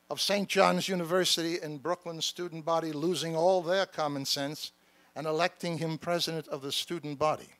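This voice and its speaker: A man's voice: high voice, creaky, fairly bright tone, exaggerated voice. A man playing a fiery founding-father orator. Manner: impassioned, emphatic, calls out to the crowd. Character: male founding father, fiery revolutionary pamphleteer. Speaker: keynote speaker. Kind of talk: rousing political speech in character. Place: stage at a large gathering.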